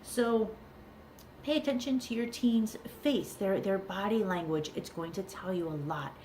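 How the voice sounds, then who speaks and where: A woman's voice: medium pitch, measured pace, darkish tone, a little hiss or hum. A middle-aged woman, a parenting coach, giving earnest advice to camera and repeating key words for emphasis. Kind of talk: talking-to-camera advice video.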